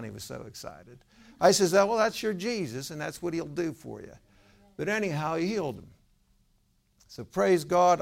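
A man's voice: fairly high pitch, creaky. A man preaching and telling a healing testimony in a folksy storytelling way, acting out the dialogue. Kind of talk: sermon with a personal testimony.

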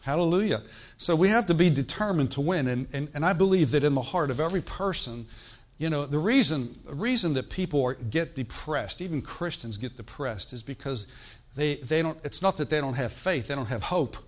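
An animated older pastor, slightly high-voiced and fairly quick, teaches a sermon in an easy, talkative way. Call-and-response asides to the congregation come up often as he goes.

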